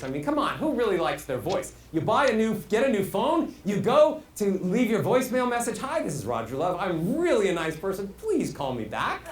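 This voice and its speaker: A middle-aged man teaching as a voice coach, animated and swinging his pitch widely to make his points. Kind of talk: speaking lesson. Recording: roomy sound with faint hiss.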